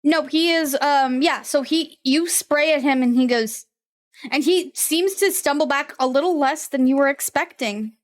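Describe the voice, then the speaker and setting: A woman running a tabletop game as game master, brisk and encouraging. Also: sits high.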